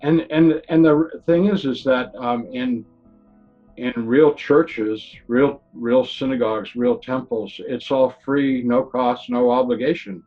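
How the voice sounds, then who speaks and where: A man's voice: mid-range voice, takes it slowly. A man giving a personal testimony about a near-death experience, earnest and rambling, with many restarts. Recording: lo-fi recording with faint music.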